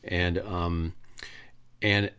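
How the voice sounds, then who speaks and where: A middle-aged man with a fairly low voice, spinning a long, rambling story for a live audience. He starts and restarts his sentences, leans on fillers, and livens up as he retells the scenes. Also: little pitch movement, drawn-out words, a bit bright, clear, resonant tone. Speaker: author giving a talk.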